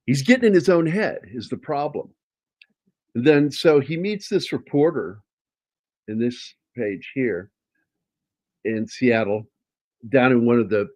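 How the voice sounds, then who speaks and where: A man's voice: mid-range voice, a little mellow. A middle-aged man, a comic artist, chatting casually about his work in a rambling way, with frequent restarts and casual swearing. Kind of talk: casual chat.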